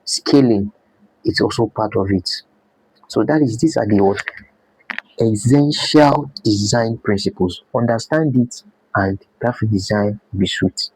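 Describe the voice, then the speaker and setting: A man's voice: on the low side, unhurried, darkish tone, breathy edge, low-quality recording. A man teaching a live design class, repeating his points and quizzing students with "what?". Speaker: design instructor.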